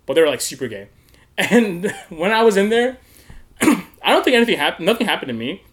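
A man's voice: high voice, big pitch swings, fairly quick, fairly bright tone. A man telling a story in casual chat, laughing often and acting out other people's voices.

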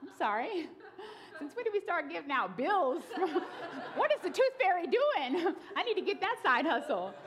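Over crowd noise, a pastor in her thirties preaches at a moderate pace in an extremely high voice. Her sermon is built on funny stories, and she stays lively and humorous, acting out the characters' voices.

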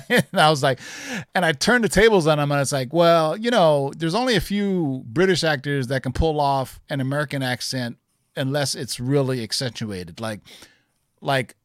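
A man's voice: mid-range voice, no echo. Male co-host, rambling casual chat, plenty of fillers, dry close sound. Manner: rambling, many fillers and restarts. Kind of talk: casual chat about comics and movies.

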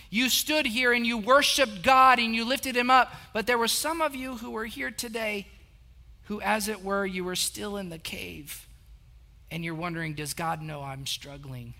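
A middle-aged man preaching with a high, strikingly bright voice. He builds up in short, repeated urgings, then drops to a hushed, slow closeness. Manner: swings from rising exhortation to hushed, slow intimacy. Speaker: pastor. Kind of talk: sermon.

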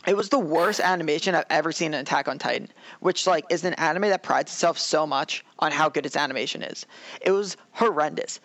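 Young male co-host, animated rant, slightly high voice, dry close sound. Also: fairly quick, dry recording. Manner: animated, ranting, acts out characters' lines. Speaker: podcast co-host. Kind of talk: casual anime review chat.

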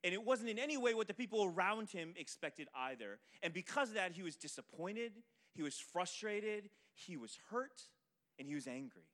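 A man's voice: high-pitched, moderate pace. A male pastor preaching a sermon, telling a vivid story and acting out the voices of the people in it before turning to scripture. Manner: animated storytelling, acts out quoted voices.

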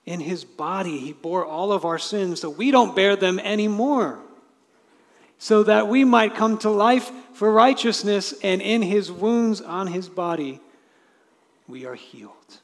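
A male pastor preaches a sermon in a high-pitched, unhurried voice, swinging between loud, emphatic declarations and hushed, almost whispered lines. He adds conversational asides and light laughs, and the audio has a long reverb tail.

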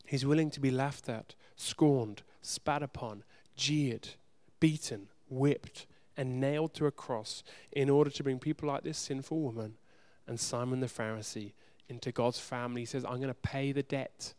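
Male pastor, smooth resonant voice, earnest sermon delivery, loud urgent swells and hushed low moments. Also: steady tone, normal speed, few pauses. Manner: earnest, direct address to the congregation.

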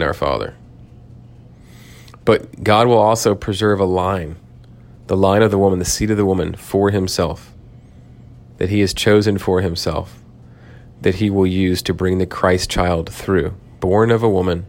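A man with a fairly low voice preaches a sermon. He talks earnestly, often restarting his phrases and asking rhetorical questions as he works through his point. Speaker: pastor.

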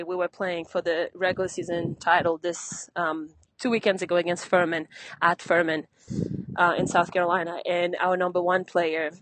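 A woman's voice: fairly low pitch, no echo, rough recording. Slightly breathless woman tennis coach. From Benin. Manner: lively storyteller, laughs often. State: a little out of breath. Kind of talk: casual interview chat.

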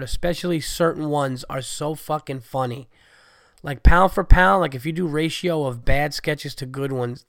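A man's voice: medium pitch, fairly bright tone, no room sound, clean studio sound. A man in his thirties hosting a podcast, chatting casually in a profane, enthusiastic, rambling way while he has a cold. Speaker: podcast host. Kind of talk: casual monologue.

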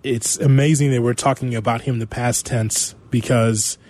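A man's voice: medium pitch, steady tone, moderate pace, a little mellow. A male radio host, reminiscing in loose, rambling talk about a friend. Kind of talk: casual sports radio chat.

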